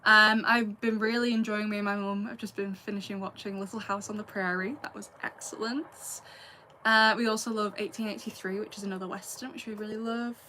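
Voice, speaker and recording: A woman's voice: mid-range voice, little pitch movement, fairly quick, pushed and bright, a little hiss or hum. A woman in her late twenties with a Lancashire accent with a slight Scouse edge, casually chatting through questions from a live chat and often laughing. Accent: Lancashire English, a little Scouse. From England. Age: 20s. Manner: chatty, laughing, drops into asides. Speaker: youtuber answering live chat.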